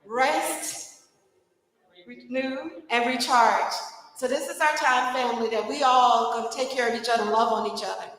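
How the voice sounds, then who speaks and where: A woman's voice: fairly high pitch, moderate pace. Chatty woman emcee in an echoey hall. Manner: lively, chatty, laughs between remarks. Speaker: event emcee. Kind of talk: live event announcing. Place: church hall. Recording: echoey hall with long reverb.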